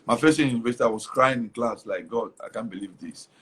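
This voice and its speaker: A man's voice: medium pitch, fast, fairly bright tone, slightly rough. A young man from Cameroon, telling his story animatedly in an interview, repeating words and slipping into Pidgin. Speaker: comedian guest.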